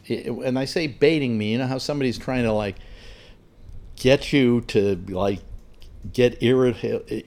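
A man telling a long personal anecdote in an animated, exasperated way, full of restarts. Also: medium pitch. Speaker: storyteller. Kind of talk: casual anecdote told aloud.

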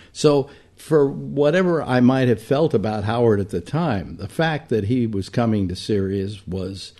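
Older man, lively storytelling radio veteran. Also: mid-range voice. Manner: animated, quotes other people in brief voices. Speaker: radio host. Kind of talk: casual reminiscing storytelling.

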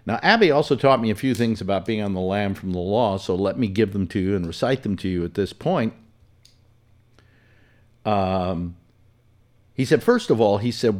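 With a lowish, darkish voice that's very animated, a man tells a memory from his own life at normal speed. The telling is casual and meandering, packed with fillers and self-corrections.

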